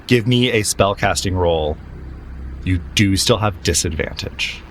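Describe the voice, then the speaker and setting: A man narrating a tabletop game as game master, describing scenes slowly and dramatically with pauses, then explaining rules. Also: sits low, a little hiss or hum.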